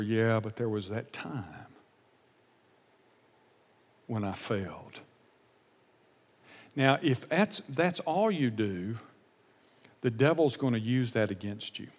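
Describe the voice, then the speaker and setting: Pastor, male, mid-pitched; emotional sermon delivery with repeated lines, long reverb of a church hall. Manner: earnest, emotional, repeats phrases, dynamic swings from loud to soft.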